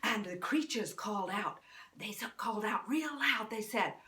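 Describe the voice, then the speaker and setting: A woman telling a folk tale in a rhythmic, sing-song way with dramatic pauses, recorded in a roomy space with the mic some distance off. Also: mid-range voice, expressive, pushed and bright. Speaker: storyteller.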